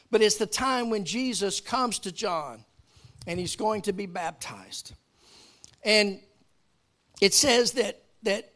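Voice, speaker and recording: A male pastor in the middle of a sermon, his voice sitting a little higher than most men's. He tells a story in an even, steady way and then rises into loud, emphatic preaching.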